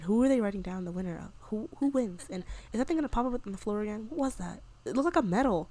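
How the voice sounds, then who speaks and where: Woman, young adult, excitable, chatty game commentary, mid pitch. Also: fast talker, few pauses. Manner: chatty, excitable, with frequent gasps and laughs. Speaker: gaming video creator. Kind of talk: casual let's-play commentary.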